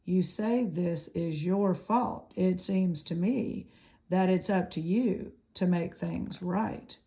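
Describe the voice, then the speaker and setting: A woman voicing a cheerful, polite female robot in a storybook read-aloud, speaking in a steady, formal way. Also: on the low side, takes it slowly. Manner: steady, formal, even-toned.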